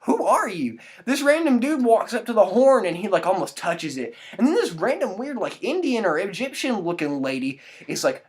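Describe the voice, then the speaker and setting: A woman's voice: medium pitch, very animated, moderate pace, few pauses, darkish tone. A woman giving a casual spoken movie review, ranting in exasperation with exclamatory asides.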